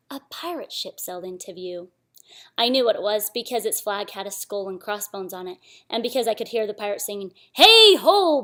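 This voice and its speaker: A woman reading a picture book aloud to children, sing-song and animated, often dropping to a whisper. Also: medium pitch. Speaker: storytime reader.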